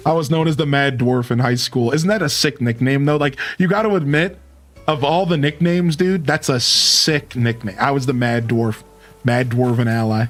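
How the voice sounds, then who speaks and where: A man's voice: mid-range voice, moderate pace. Young male streamer, easygoing chatter with swings in his voice, faint guitar music behind. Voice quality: dynamic voice that peaks and drops. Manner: laid-back, animated, lots of "like" and "dude". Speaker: live streamer. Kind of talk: casual stream chat. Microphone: studio mic with equalizer and cutoff.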